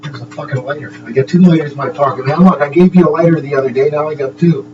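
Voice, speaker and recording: A livestream host's fairly high, quick voice comes from far from the mic, and the highs are cut off. He keeps up a loose, rambling chat full of swearing and chuckles between sentences, over a steady background hum.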